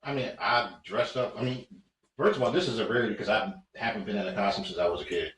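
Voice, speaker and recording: A man's voice: lowish voice, fast, fairly bright tone. Laid-back male podcast host, roomy sound. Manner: laid-back, laughs easily, teasing. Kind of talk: casual podcast chat. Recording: roomy room, mic at a distance, faint noise.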